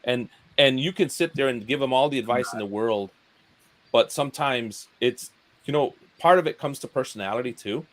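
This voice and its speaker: A man's voice: mid-range voice, normal speed. Earnest mid-voiced man, frequent repeats. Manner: earnest, repeats words, mimics a dull flat speaker. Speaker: YouTuber guest. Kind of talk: casual group chat on a live stream.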